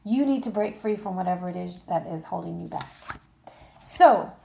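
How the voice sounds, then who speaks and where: A woman's voice: fairly low pitch, expressive, moderate pace, creaky, warm tone, a little hiss or hum. A woman giving a casual tarot reading, talking straight to her viewers in an emphatic, colloquial way. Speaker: tarot reader. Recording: echoey room.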